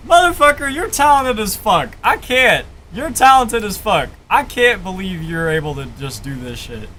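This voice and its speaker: A man's voice: high-pitched, a bit bright, slight background noise. A man streaming live, reacting to listeners' songs in a hyped, profane way and calling people bro and man. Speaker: streamer reviewing listener music.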